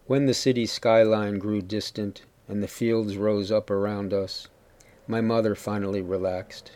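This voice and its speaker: A man giving a steady, measured first-person story reading. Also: on the low side. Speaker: reader.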